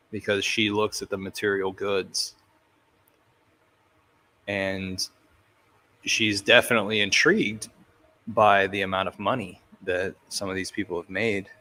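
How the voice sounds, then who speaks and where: Man commentator, low voice, slow unhurried delivery, halting and searching for words. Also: fairly bright tone. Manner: halting, thinking aloud with restarts. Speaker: crypto commentator. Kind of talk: casual commentary on clips.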